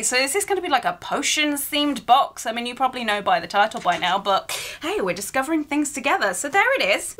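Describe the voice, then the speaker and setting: A woman hosting a bubbly, playful unboxing video, chatting excitedly to her viewers. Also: on the high side. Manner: bubbly, playful, gasps and exclaims.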